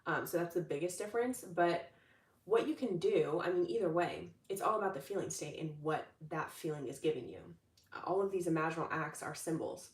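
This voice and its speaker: A chatty, upbeat young woman with a fairly low voice, coaching her audience in a relaxed, rambling way. She sits some distance from the mic, so her voice carries a roomy echo. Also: fairly quick. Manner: chatty, upbeat, many fillers and restarts. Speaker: manifestation coach. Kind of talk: casual livestream talk.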